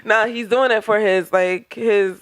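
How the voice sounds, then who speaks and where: A woman's voice: mid-range voice, fairly even intonation, unhurried, no echo. A woman co-hosting a podcast, telling gossip in casual chat with lots of laughter. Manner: gossipy storyteller, laughs a lot. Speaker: podcast co-host.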